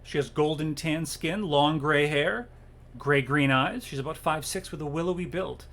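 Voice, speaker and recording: A man's voice: fairly high pitch, normal speed, a bit bright. Hesitant man narrating as game master. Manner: hesitant, many ums and uhs.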